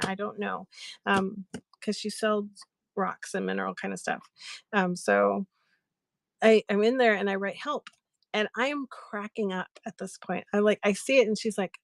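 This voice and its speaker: Woman, livestream host, animated, laughs easily, dry close mic. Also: a little high, no room sound. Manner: chatty, giggly, animated retelling. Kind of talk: casual storytelling to live chat.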